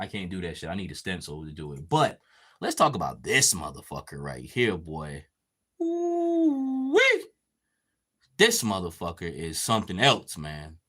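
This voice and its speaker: A man's voice: rumbling low, fairly bright tone. A man hosting a casual podcast, chatting loosely and swearing a lot while he paints a figure and reads chat comments. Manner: profane, laid-back, reading chat comments. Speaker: podcast host.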